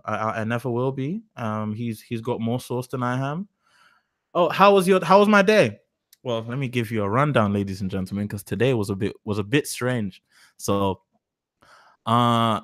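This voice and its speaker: Hosting a relaxed live stream chat, this young man in his twenties wanders from topic to topic, cursing and mocking himself, and says his cheap mic sounds terrible. His pitch is fairly low and slightly bright, captured cleanly with no room sound.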